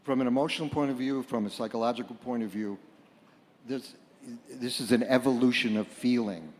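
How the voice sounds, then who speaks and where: A man giving a reflective public talk to a live audience, halting and repeating words, at times rising to loud bursts. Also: medium pitch. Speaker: speaker at a book fair panel. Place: large hall before a live audience. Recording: long hall reverb.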